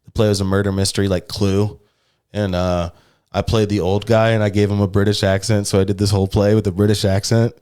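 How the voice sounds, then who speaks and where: A man's voice: lowish voice, little pitch movement, a little fast, darkish tone, clear, resonant tone. A young man, a stand-up comic, chatting casually on a podcast, rambling and swearing, sometimes putting on voices. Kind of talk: casual chat.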